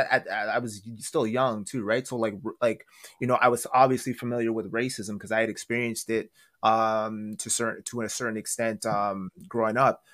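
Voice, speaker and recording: A man reflects on a film in a casual podcast chat, thoughtful and measured. His voice sits in a middle range, and the sound is dry and close to the mic. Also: mid-range voice, a bit bright, no room sound. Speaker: podcast co-host. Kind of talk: casual movie discussion.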